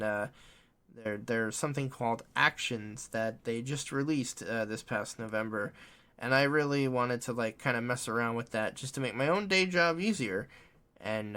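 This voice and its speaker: A man in his forties hosting a casual podcast chat, excitable, laughing often and swearing freely. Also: mid-range voice. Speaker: podcast host.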